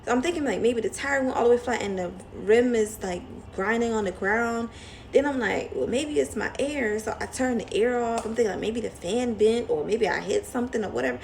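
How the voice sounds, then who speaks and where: Young woman doing a storytime vlog, gravelly voice, chatty and animated, bit of faint hiss behind. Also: on the high side, fairly quick. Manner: chatty, animated retelling, mimics voices in quotes. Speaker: vlogger. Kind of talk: casual storytime chat.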